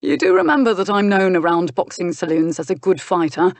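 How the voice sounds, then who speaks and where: A woman voicing a firm, steady uncle and guardian in an audiobook, measured and dryly mocking. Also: on the low side, vocal fry, no echo. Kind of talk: audiobook character voice.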